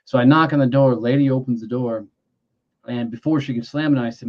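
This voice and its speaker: A middle-aged Texan man, a former Marine appearing as a guest, speaks at a medium pitch and a fairly quick clip. He's an animated storyteller in a casual interview, acting out dialogue and using salty language. The recording sounds dull and lo-fi.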